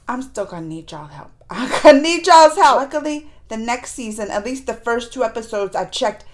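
A woman hosting a review channel, recapping episodes to viewers in a chatty, animated way and acting out characters' lines. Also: a little high. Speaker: reaction and review channel host. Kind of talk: casual recap chat to viewers.

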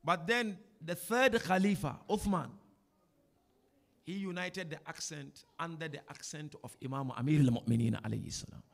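A man, a sheikh, giving a chatty, animated religious talk to an audience in a mosque and taking their questions. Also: on the high side, moderate pace, gravelly. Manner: animated, chatty teacher with laughs and asides. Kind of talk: informal religious lecture with Q&A. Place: mosque hall before an audience.

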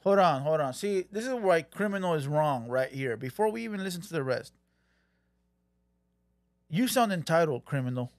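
A man's voice: fairly high pitch, expressive, moderate pace, pauses often, dry recording. A man hosting a reaction channel, ranting heatedly and repeating himself, dropping Spanish slang. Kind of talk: reaction commentary.

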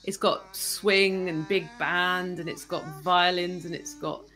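A woman's voice: fairly low pitch, fairly even intonation, slow pace, pushed and bright, faint music behind. Enthusiastic woman podcast guest. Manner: enthusiastic, reflective. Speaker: guest, coaching psychologist. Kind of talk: podcast interview.

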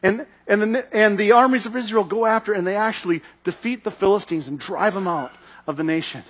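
A man's voice: high voice, a little fast, fairly bright tone, husky. A man giving a sermon as pastor, telling a story animatedly and acting out its scenes.

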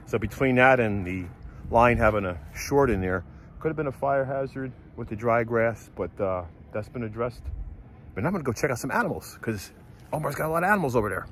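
A man's voice: medium pitch, animated, brisk, a little hiss or hum. Easygoing man rambling through a farm vlog. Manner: easygoing, rambling explanations with fillers. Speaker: vlogger visiting a friend's farm. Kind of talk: casual vlog narration. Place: outdoors on a rural farm.

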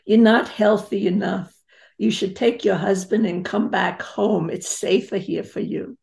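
A fretful, controlling old European mother pleads that her grown daughter is not strong enough, as an older woman puts her on. The voice is gravelly and dark, with heavy fry. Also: medium pitch, steady tone, measured pace, reverberant.

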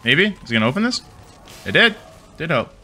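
A man's voice: on the high side, very animated, brisk, sharp tone, soft background music. A man casually commenting on his gameplay as a video host, goofy and rambling, swearing and laughing as he plays.

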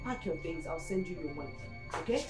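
A woman's voice: low-pitched, animated, a little fast. An actress playing a jealous, stern madam who fires her cook with cold, cutting accusations. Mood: accusing. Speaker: employer. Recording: echoey room with music.

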